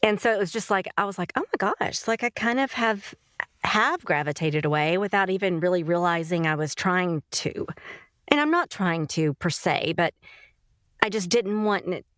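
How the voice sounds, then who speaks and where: Lowish voiced woman narrator just chatting, rambly, lots of like and you know, dry close sound. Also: animated, moderate pace, a bit bright, no echo. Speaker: audiobook narrator, podcast guest. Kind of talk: casual interview chat.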